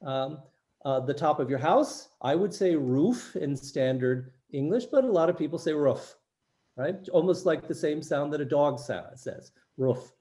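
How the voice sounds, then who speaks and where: An older man with a US East Coast accent presents an online workshop, explaining things to international students and often checking in with "right?". His voice is on the high side, warm and animated, at a normal speed.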